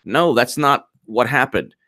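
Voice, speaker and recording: A man hosting a live political commentary stream, talking fast and animated, repeating himself and mocking opponents. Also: medium pitch. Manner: animated, repetitive, mocking quoted voices.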